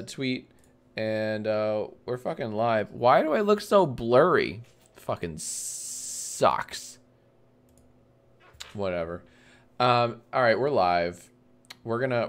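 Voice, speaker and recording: A man hosting a casual livestream, talking in a sarcastic, joking way with plenty of swearing into a desk mic. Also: lowish voice. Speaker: livestream host.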